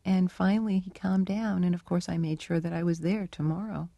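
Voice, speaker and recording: A middle-aged woman with a gravelly, mellow voice, speaking as an interview guest. She tells her stories thoughtfully and slips into the remembered lines of dialogue. The recording is dry and close, made at a studio microphone. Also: on the low side, fairly even intonation, a little fast, no echo. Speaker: animal researcher, interview guest. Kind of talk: radio interview, storytelling answers.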